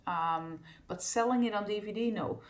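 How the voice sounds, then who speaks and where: A woman singer hosting a casual livestream for her fans, chatting easily, laughing often and filling pauses with ums. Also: mid-range voice. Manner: relaxed and chatty, laughs often, many fillers. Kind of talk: casual livestream chat reading viewer comments. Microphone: streaming setup at a desk.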